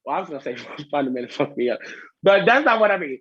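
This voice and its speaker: A man's voice: high voice, sing-song, fast talker, fairly bright tone, no echo. A man hosting a casual gossip vlog, sassy and chatty, heard as a slightly dull lo-fi recording. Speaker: host.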